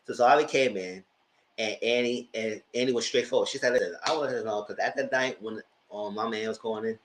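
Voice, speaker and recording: A man casually recapping a reality TV show, retelling scenes with animated quoted voices. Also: poor audio. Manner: animated retelling, jumps into high squealing voices when quoting others. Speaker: commentator.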